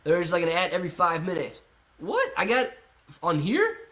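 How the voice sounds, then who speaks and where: Laid-back male streamer, slightly high voice. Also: expressive, fairly quick, a bit bright. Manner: chatty, laid-back, says "man" and "dude" a lot. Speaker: livestream host reading chat. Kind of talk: casual live-stream chat.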